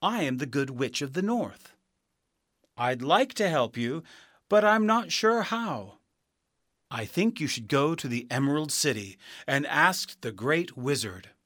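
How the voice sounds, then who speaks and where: A man voicing a kind, helpful good witch, his voice raised and gentle, in a storybook reading. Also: on the high side, sing-song, measured pace, no echo, studio quality, heavily acted. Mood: kindly. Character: kindly good witch woman, warm and helpful.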